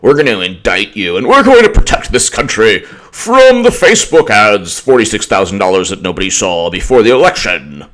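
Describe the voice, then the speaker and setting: A pompous, self-righteous prosecutor, as a man mocks him, with a deep voice that rises into grand declarations. It sounds set a little back from the mic. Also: big pitch swings, normal speed, hardly any pauses, fairly bright tone.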